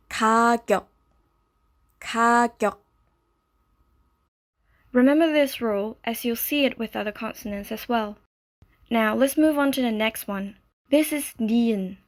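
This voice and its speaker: A woman narrating a scripted language lesson, explaining step by step in a slow, clear way. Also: fairly high pitch. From Malaysia. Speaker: language teacher.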